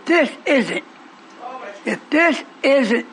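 A man preaching a sermon in a church, fervent, breaking into shouts and teasing the congregation. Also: very high voice, big pitch swings, drawn-out words, rough recording.

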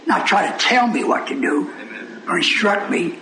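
A man's voice: high-pitched, lively intonation, normal speed, bright, forceful tone, a little hiss or hum. A man preaching a sermon, pressing his listeners with repeated rhetorical questions and laughing often as he goes. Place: church before a congregation. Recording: echoey room with a responding congregation.

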